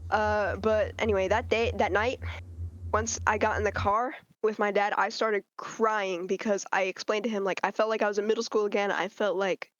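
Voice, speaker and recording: A woman's voice: mid-range voice, normal speed, dry recording. Teen girl telling a story, dull dry recording. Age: teens. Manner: animated, quotes people in changing voices. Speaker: podcast guest. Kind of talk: casual storytelling chat.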